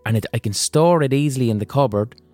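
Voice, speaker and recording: A man's voice: mid-range voice, fast, darkish tone, faint music behind, natural voice. A man voicing a cheerful, naive customer who chats innocently about cereal. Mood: chirpy.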